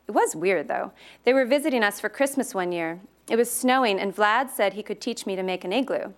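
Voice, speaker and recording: A woman reading aloud from her novel in a steady narrating voice. Between passages she adds relaxed, slightly hesitant asides. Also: mid-range voice, brisk.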